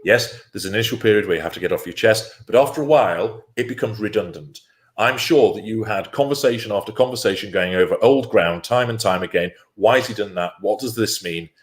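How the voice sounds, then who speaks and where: A man's voice: fairly low pitch, a little fast. A man giving a firm, instructive talk on a live stream, asking himself rhetorical questions and answering them. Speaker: guest speaker on narcissistic abuse.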